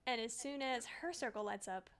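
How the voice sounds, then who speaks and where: A woman narrating a tabletop game as dungeon master, calm and measured. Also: a little high, slight background noise.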